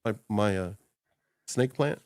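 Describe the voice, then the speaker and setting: Male host, casual coaching talk, low voice, loose and rambling, dry close recording. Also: slow, darkish tone, dry recording. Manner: loose and rambling, laughs often. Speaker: social media coach and host. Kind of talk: casual chat.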